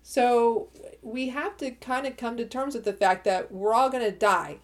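A woman's voice: fairly high pitch, unhurried. A middle-aged woman hosting her own podcast, talking through her views in a chatty, opinionated way, often restarting sentences and laughing at herself. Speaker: podcast host. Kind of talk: casual solo podcast monologue.

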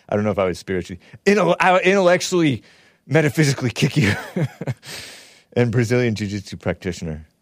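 A man's voice: medium pitch, dry recording, studio quality. A man hosting a call-in talk show, rambling and laughing as he reads comments and takes calls. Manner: rambling, laughs often, restarts mid-sentence.

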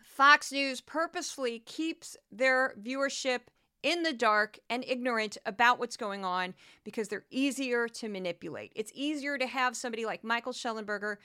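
A woman hosting a political commentary podcast, talking in an animated, indignant way and rattling off long lists with ums and uhs. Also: fairly high pitch, normal speed, clear, resonant tone. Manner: animated, gets worked up and indignant. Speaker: podcast host.

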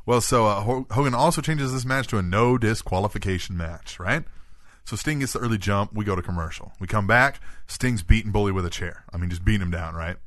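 A man's voice: fairly low pitch, a bit bright, no room sound, studio quality. A man co-hosting a wrestling podcast, rattling off a play-by-play recap of the week's matches and often tagging his sentences with "right?". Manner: rapid play-by-play recapping, tags "right?" on statements. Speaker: podcast co-host. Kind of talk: casual wrestling recap chat.

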